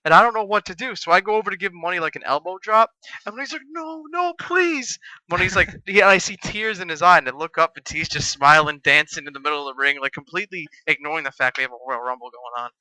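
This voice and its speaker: Young male podcast co-host, quick crisp delivery, dry close sound, loves a crude story. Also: fairly high pitch, no room sound, rough recording. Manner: profane, animated storyteller. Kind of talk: casual storytelling chat.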